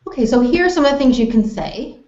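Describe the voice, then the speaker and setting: An American woman teaching English conversation, explaining clearly and acting out example phrases with exaggerated tone. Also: high-pitched, expressive, fast, dark tone. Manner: friendly, explanatory, models phrases with exaggerated intonation. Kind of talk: online English lesson hangout. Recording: roomy, dull web call audio.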